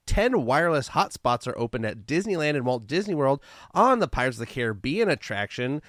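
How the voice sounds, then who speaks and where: Man, podcast co-host, chatty, reads dates and lists, smooth voice, dry recording. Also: medium pitch, a bit bright, dry recording. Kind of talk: casual chat reading a history segment.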